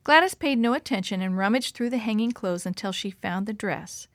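A woman storyteller reading a children's story aloud in an expressive, animated way. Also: medium pitch, brisk, dry recording.

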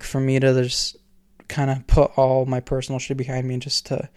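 A man's voice: mid-range voice, mellow, clear, resonant tone, no room sound, clean studio sound. A man hosting his own podcast, talking alone in an earnest, rambling way with many fillers. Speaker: podcast host. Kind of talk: casual solo podcast talk.

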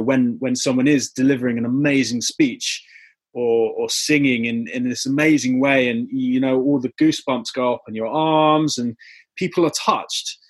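Husky-voiced man, hesitant questions. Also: mid-range voice. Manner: hesitant, repeats words while thinking. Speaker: interviewer. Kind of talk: reflective conversational questions.

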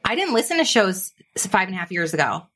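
Woman, business coach as podcast guest; bright, animated storyteller, mid-pitched, acts out her own inner dialogue. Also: quick pace. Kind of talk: conversational interview storytelling.

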